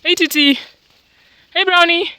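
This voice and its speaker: Her voice is very high and measured in pace as this young homestead farmer gives a casual vlog tour of her outdoor vegetable garden. Animated and full of exclamations, she admires her crops and calls to her dogs, alternately scolding them and cooing at them.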